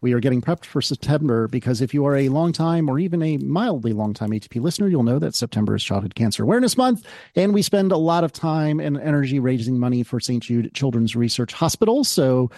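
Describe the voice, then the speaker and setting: A man's voice: mid-range voice, lively intonation, quick pace, dark tone, no room sound, studio quality. A man co-hosting a podcast in casual chat, wry and rambling with plenty of asides. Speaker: podcast co-host.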